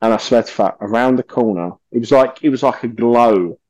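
Guy rambling thru a story, swears a lot, does the voices, mid pitch, dry sound. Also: brisk, no echo. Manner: animated, swears often, acts out quoted voices. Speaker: podcast guest, musician. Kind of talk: casual storytelling interview.

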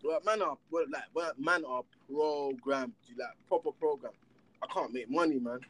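A man with children, talking in a casual chat, animated and rhetorical with heavy street slang. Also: on the high side, moderate pace. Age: adult with children.

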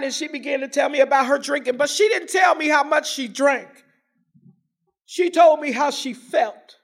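A woman telling her personal recovery story to an audience, in an animated and humorous storytelling manner with dramatic pauses. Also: high voice. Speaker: recovery meeting speaker.

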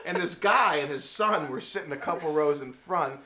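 A man's voice: a little high, expressive, normal speed, a loud crowd. A man co-hosting a casual podcast chat, rambling and full of filler words. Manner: rambling, heavy on "you know" fillers. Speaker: podcast co-host.

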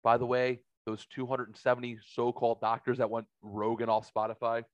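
A man's voice: medium pitch, little pitch movement, fairly quick, no echo, dull audio. A man telling a story in a casual podcast chat, profane and heated.

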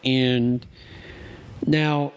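A man's voice: mid-range voice, level tone, very slow, clean tone. Rambling male podcast storyteller. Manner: rambling storyteller, many restarts and fillers. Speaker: podcast co-host. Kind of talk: casual podcast chat. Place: studio.

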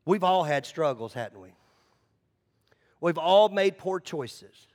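This pastor's voice is fairly high, and he preaches at a slow pace in a conversational style. He acts out voices, tells stories with animation, and repeats words often.

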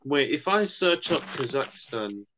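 A young man co-hosting a casual podcast chat, dropping wry, deadpan quips. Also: mid-range voice, a little slow, lo-fi sound, crowd noise. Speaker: podcast co-host.

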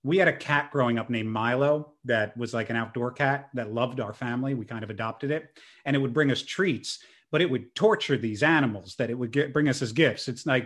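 A young man telling a story in a casual chat, animated and self-mocking. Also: mid-range voice, brisk, hardly any pauses.

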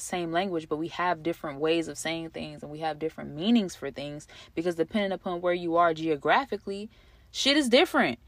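A woman with a lowish voice talks in a loose, reflective monologue, circling back and restarting as she works through her thoughts. The sound is close and dry, with no room around it. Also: dry recording. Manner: reflective, conversational, many fillers and restarts. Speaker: podcast host. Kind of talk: casual monologue.

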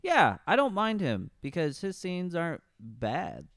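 A man's voice: fairly high pitch, huge pitch swings, measured pace, a bit bright, no room sound. A man co-hosting a podcast, chatting casually and sarcastically about a movie, swearing and laughing often. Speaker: podcast co-host. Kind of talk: casual movie review chat.

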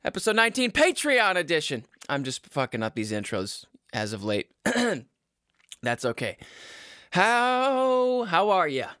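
A man's voice: mid-range voice, very animated, slow, a bit bright, no echo, clean studio sound. A young man in his twenties hosting a casual podcast from a small home room, upbeat and self-mocking. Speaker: podcast host. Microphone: studio mic.

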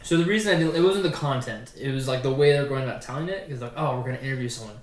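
A podcast co-host talks at a mid pitch, hesitating and restarting sentences often. Now and then they mimic other people for fun. The voice sounds like it is in an echoey room. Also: animated, rapid-fire, recorded from a distance, heavy background noise. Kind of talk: casual chat.

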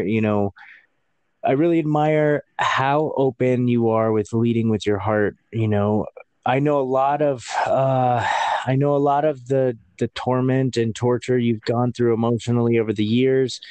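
A man hosting a conversation, speaking in a calm, reassuring and measured way. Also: mid-range voice, smooth, dry recording. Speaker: host. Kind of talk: supportive conversation.

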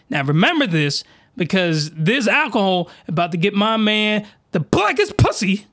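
Crude rambling young man, high voice. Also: big pitch swings, normal speed, fairly bright tone, no echo, studio quality. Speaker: podcast host. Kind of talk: crude comedic anime recap. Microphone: podcast mic, close.

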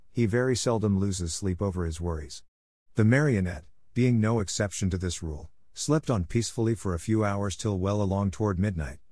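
Low-voiced guy reading a kids story, steady, dry close mic. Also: no echo. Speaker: audiobook narrator. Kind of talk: scripted storybook narration.

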